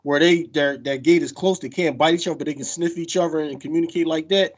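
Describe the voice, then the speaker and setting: A man's voice: fairly high pitch, fairly even intonation. A man co-hosting a podcast, chatting casually in slang and acting out what people said. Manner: slangy, quotes people in quick asides. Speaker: podcast co-host. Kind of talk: casual chat.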